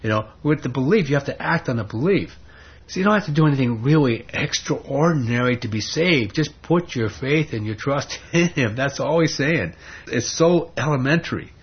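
Husky-voiced man preaching emphatically. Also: mid-range voice, expressive, moderate pace. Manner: emphatic, conversational, asks rhetorical questions. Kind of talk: sermon. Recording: dull lo-fi sermon recording.

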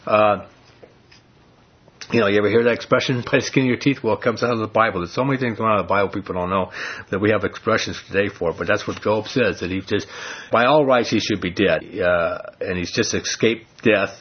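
A man's voice: lowish voice, a little fast, breathy edge. A man teaching from the Bible in an earnest, folksy way, full of "I mean" asides. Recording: dull lo-fi recording.

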